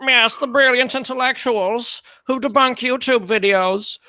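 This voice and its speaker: A man doing a pompous, high-voiced intellectual. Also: unhurried, sharp tone, dry recording, full character voice, rough recording. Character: pompous male intellectual caricature.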